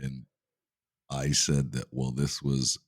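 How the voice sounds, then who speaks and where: A man with an extremely deep voice, co-hosting a casual podcast. He rambles, stumbles and pokes fun at himself, swearing freely. The voice is dry and close, with no room echo. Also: level tone, slow. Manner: self-deprecating, rambling, profane. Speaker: podcast co-host.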